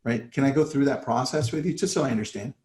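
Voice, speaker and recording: A man's voice: medium pitch, fast talker, a little mellow, roomy sound. A man coaching real estate agents in a casual live talk, acting out his phone calls with sellers. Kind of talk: live online training talk.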